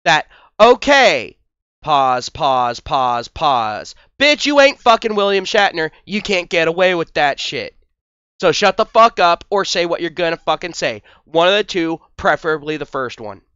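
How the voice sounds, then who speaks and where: Man, high bright voice, crude and scornful, dry muffled recording. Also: lively intonation, moderate pace, clear, resonant tone, no echo. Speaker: commentary video host. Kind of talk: profane reaction commentary.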